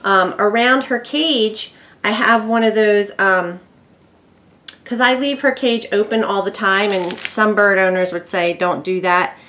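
A woman chatting casually at home about her pet bird, meandering with ums and asides and talking softly to the bird now and then. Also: medium pitch, measured pace, a little hiss or hum. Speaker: bird owner vlogger. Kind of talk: casual explanatory chat.

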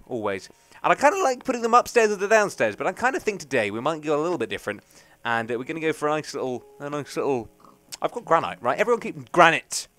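A man's voice: on the high side, sing-song, fast talker, bright, forceful tone, faint music behind. A young man, rambling and joking through casual let's play commentary. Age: young adult. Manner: rambling, chatty, jokey. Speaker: gaming commentator.

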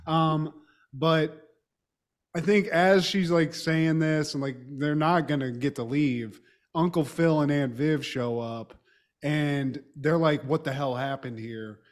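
A podcast co-host with a fairly high voice takes it slowly as he casually recaps a TV episode. In relaxed storytelling mode, he slips into the characters' lines and swears mildly here and there.

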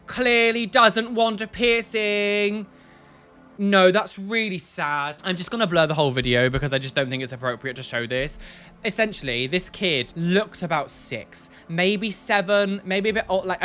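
A man's voice: fairly high pitch, pushed and bright. A man hosting a casual reaction video, blunt and exasperated, often sighing and repeating himself for emphasis.

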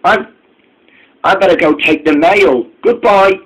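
A young man voicing a worried female tank engine from a storybook, halting and stumbling over words. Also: high voice, noisy background. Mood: earnest.

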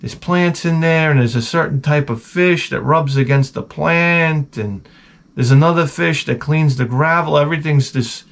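A man hosting a comedy podcast, telling crude stories in a rambling, profane, deadpan way. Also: on the high side, moderate pace, gravelly. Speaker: podcast host.

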